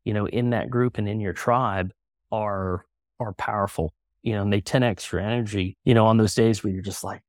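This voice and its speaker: A middle-aged man talking casually as a podcast guest, relaxed and full of fillers. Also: lowish voice, moderate pace, no room sound, studio quality. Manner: relaxed, conversational, many fillers. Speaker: guest, company co-founder.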